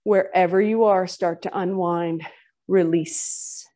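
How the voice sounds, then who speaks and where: A woman's voice: lowish voice, fairly even intonation, slow pace, warm tone. A woman teaching a yoga class, giving chatty, encouraging cues between breaths while moving in and out of poses, her voice drifting off-mic at times. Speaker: yoga instructor. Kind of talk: guiding a live yoga class.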